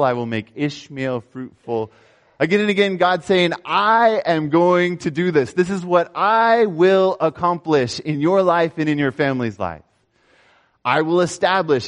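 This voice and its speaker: A young man preaching a sermon, telling a story with animated swings between raised emphasis and quiet asides. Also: medium pitch. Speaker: pastor.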